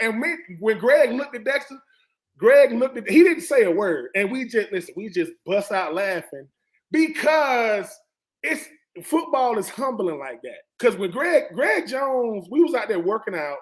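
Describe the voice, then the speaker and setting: A man in his forties, a former football player on a sports talk panel, telling stories in a lively way and acting out what others said. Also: high-pitched. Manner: animated storyteller who acts out quoted voices.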